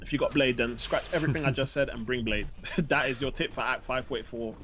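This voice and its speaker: A man's voice: medium pitch, steady tone, fast, fairly bright tone. A man in his thirties chatting casually on a gaming stream, laughing often, telling stories and reading out questions. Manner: laughing, storytelling, says man and bro a lot. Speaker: co-host reading chat questions.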